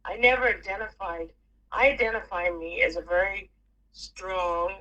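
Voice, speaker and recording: A middle-aged woman chatting casually with family, telling stories with lively swings and the odd curse. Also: mid-range voice, normal speed, highs cut off. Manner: animated storyteller who swears freely. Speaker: aunt.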